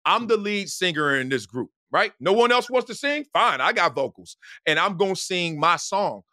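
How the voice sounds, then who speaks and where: A middle-aged man from Los Angeles, a guest telling stories in an animated way, laughing and acting out quotes with loud, high bursts. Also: moderate pace, no room sound, clean studio sound. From Los Angeles, United States. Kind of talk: animated storytelling.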